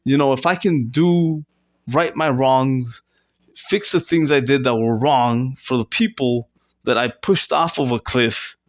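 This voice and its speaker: A man rambling through an improvised, self-mocking comedy monologue, with fillers and restarts. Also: a little slow. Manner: rambling, self-mocking, with sudden squeaky fake sobbing. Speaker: comedy vlogger. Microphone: close to camera.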